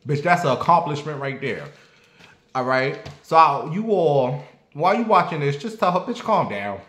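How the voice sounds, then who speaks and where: A man's voice: a little high, moderate pace, a bit bright. Guy in his 40s ranting to his viewers, swears a lot, preachy, echoey room. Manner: blunt, profane, preachy. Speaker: vlogger. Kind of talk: casual rant to viewers.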